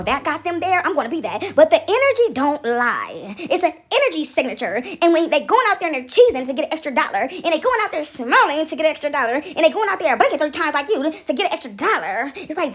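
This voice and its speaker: A woman's voice: high-pitched, fairly bright tone. A woman talking straight to her audience in a casual spiritual monologue, preachy and slangy, often breaking into laughter. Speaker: vlogger.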